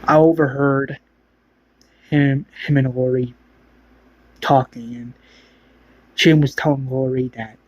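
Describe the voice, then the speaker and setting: An earnest, worried woman survivor who warns a friend to be careful, as a man narrates her. The voice is husky and unhurried. Her tone stays serious and cautionary throughout. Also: medium pitch, rough recording.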